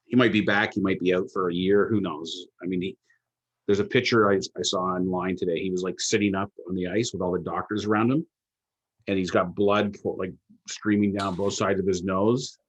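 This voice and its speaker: A man's voice: low voice, fairly even intonation, brisk, husky, highs cut off. A man co-running an app project, chatting casually and rambling with lots of fillers. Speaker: app co-founder. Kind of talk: casual work chat.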